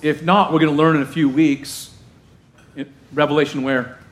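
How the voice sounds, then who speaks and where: A man preaching a casual, animated sermon to his congregation, using slang and asking them questions. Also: fairly high pitch, normal speed. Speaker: pastor.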